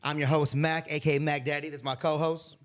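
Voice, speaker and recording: A man's voice: on the high side, level tone, fast. A man hosting a podcast, chatting casually and introducing his guest in laid-back banter. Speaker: podcast host.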